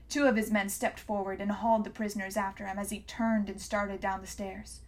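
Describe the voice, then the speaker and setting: A woman narrating an audiobook in a measured, hushed reading voice. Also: medium pitch, flat delivery. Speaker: audiobook reader. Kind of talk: scripted narration.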